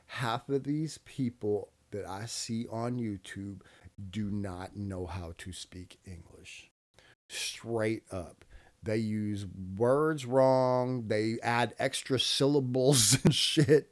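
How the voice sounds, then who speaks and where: A man in his thirties hosting a reaction video, talking bluntly and casually, swearing often and laughing between remarks. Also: medium pitch. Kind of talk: casual commentary.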